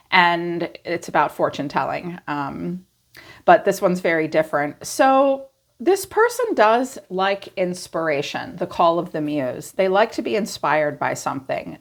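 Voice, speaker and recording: A congested woman with a raspy voice, giving a casual tarot reading and musing aloud as she clears her throat now and then. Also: fairly low pitch. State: congested from allergies. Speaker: tarot reader.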